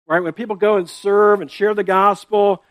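A high-pitched man delivers a sermon as a pastor, talking to his congregation as if in conversation. He keeps checking in with quick "right?" and "okay?" tags and doubles back over his words as he explains. The sound is dry and close, with no room echo. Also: steady tone, fairly bright tone. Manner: restarts and repeats words while explaining.

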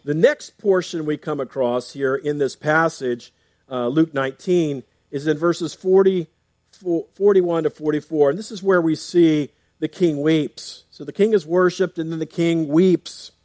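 A man's voice: on the high side, measured pace, a little mellow, no echo. A man preaching a sermon in a conversational way, reading scripture aloud and explaining it, often restarting with fillers. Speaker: pastor.

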